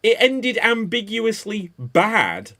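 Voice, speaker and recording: A man talking pop culture on a panel show, his voice sitting high and jumping all over the place. He rambles from point to point with a mocking edge, loose and animated. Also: slow. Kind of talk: casual pop-culture chat.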